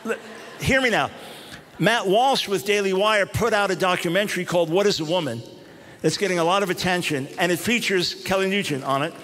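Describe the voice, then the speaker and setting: A man, a Christian radio host, telling a story in an animated public talk, often restarting his phrases. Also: high-pitched, fairly quick, long reverb tail.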